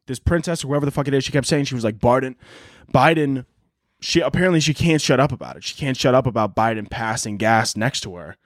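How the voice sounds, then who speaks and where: A man's voice: medium pitch, dry recording, studio quality. A man hosting a podcast, ranting in a profane, rambling comedic monologue. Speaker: podcast host.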